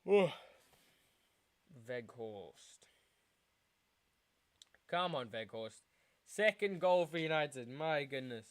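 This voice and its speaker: A tired young man from South Africa giving excitable live commentary while streaming a football match as a fan. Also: a little high, drawn-out words, long pauses, clear, resonant tone. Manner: excitable fan, shouting at big moments, chanting. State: tired, yawning. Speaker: watchalong streamer.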